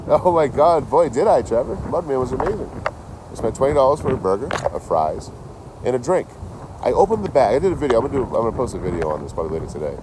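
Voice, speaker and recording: A man chatting casually to his livestream chat outdoors, telling stories in an animated, swearing way. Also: lowish voice, background noise. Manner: animated, swears a lot, talks to chat by name.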